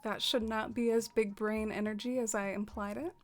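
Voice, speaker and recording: Soft-spoken lady streamer chatting with chat, kinda high voice, a little music playing underneath. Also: flat delivery, moderate pace. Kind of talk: casual livestream chat.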